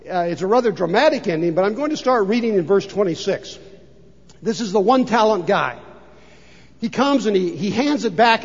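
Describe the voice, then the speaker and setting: An older man preaching a sermon as a pastor, swinging between loud emphasis and hushed asides. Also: sits high, slightly rough. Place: church sanctuary. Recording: dull reverberant church recording.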